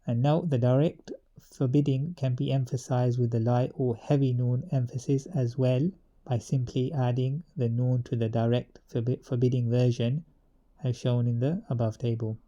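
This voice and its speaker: A man teaches grammar in a patient, methodical way, repeating each point as he goes through the table. His voice is deeply dark and mellow at a middle pitch. The recording is dull and lo-fi. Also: level tone, moderate pace. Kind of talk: explaining a grammar table, with fillers and restarts.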